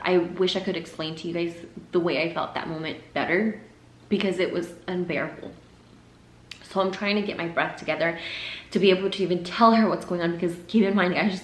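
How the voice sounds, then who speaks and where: Young woman vlogger, lower voice, emotional storytelling with whispered breaks; roomy sound. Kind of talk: personal storytelling to camera. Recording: echoey room, faint ambience.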